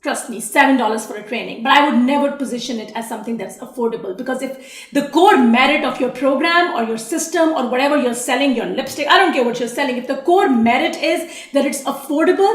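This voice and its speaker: A woman's voice: sits high, reverberant. A woman teaching sales copy in a blunt, sassy way, swearing casually as she goes. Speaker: online marketing coach. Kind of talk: talking-head teaching video.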